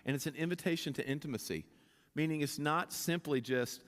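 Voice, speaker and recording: A pastor preaching a sermon, impassioned, often restarting his sentences and building to louder, higher climaxes. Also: moderate pace. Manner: impassioned, rising in pitch and volume at climaxes, many restarts. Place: church sanctuary. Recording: long reverb of a church hall.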